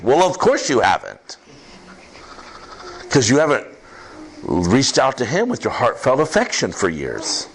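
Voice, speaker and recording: A man preaching a sermon as pastor to a congregation, in an animated, conversational way with quick asides. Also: medium pitch, a little hiss or hum. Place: church service with congregation.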